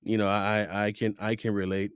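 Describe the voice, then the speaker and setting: Low-voiced man hosting a podcast. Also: little pitch movement, a little fast, smooth, no room sound, studio quality. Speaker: podcast host. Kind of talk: casual podcast conversation.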